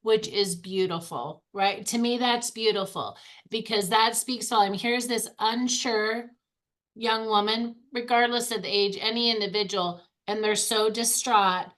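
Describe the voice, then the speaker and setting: A woman's voice: fairly high pitch, fairly even intonation, measured pace, a bit bright. A woman who is a guest on a podcast, speaking in an affirming, reflective way about energy and the spirit, often restarting her sentences in casual conversation.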